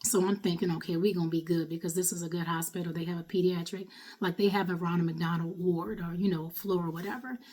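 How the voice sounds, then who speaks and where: A woman's voice: on the low side, fairly even intonation, fast talker, few pauses, dark tone. A middle-aged woman, a mother, recounting a hard ordeal in casual, emotional storytelling. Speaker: vlogger, mother. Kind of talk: personal storytelling to camera.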